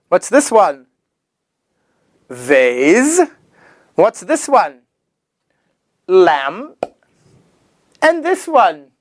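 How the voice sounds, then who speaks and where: Lively sing-song children's English teacher, man. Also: high voice, dry recording, studio quality. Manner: animated, sing-song, drawn-out repetition of words. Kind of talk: children's vocabulary lesson.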